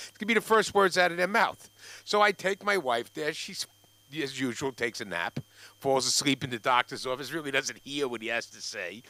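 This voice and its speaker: Animated older man telling stand-up stories. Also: on the high side. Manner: rambling storytelling with restarts and asides to the crowd. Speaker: stand-up comic. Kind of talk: open mic stand-up. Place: comedy club stage.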